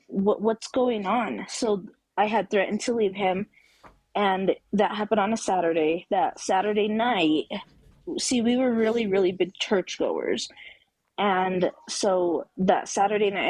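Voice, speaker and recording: A woman's voice: medium pitch, darkish tone, no room sound, rough recording. A woman caller on a live talk show telling a personal story emphatically, acting out the quoted dialogue. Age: adult with children.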